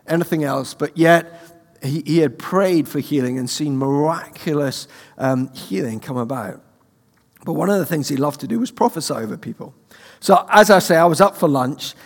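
A man's voice: fairly high pitch, long reverb tail. A British man preaching a sermon, telling a personal story with humour. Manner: humorous, animated storyteller. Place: church.

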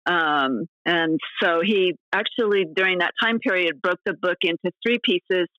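A woman guest speaking from California on a podcast, warm and giggly, thoughtful, with plenty of fillers. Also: lowish voice, normal speed, no room sound, highs cut off. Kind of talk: conversational interview answers. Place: California, remote.

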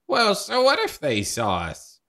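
A cheerful, nosy woman's ghost chatters away in a high, bouncing voice. She gushes over everyone she meets, as a man puts her on. The tone is bright and forceful. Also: huge pitch swings, measured pace, vocal fry, exaggerated voice. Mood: dismissive. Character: chirpy chatty female ghost picnicker.

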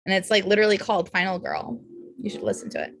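A woman's voice: medium pitch, very animated, fast talker, creaky, a little hiss or hum. A woman from the Bay Area with a Californian accent, a podcast guest who talks casually and effusively with many fillers, sounding a little tipsy. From San Francisco Bay Area. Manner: bubbly, filler-heavy, effusive.

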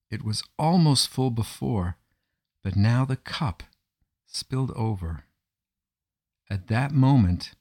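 A man narrating a traditional folk tale in a measured, gentle way. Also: on the low side. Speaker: storyteller. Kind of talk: storybook narration.

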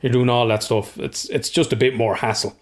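A man, co-hosting a podcast, talking in a halting way with repeated words and casual swearing. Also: medium pitch, fairly even intonation. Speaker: podcast co-host.

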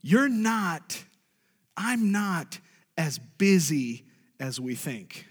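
Pastor, male, high voice, emphatic call-and-response preaching, hall reverb. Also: sing-song, extremely slow, husky. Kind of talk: sermon.

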